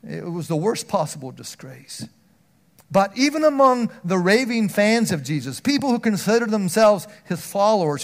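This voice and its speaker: A man preaching a sermon, earnest, often restarting words, swinging from loud emphatic stretches down to a near hush. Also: high-pitched.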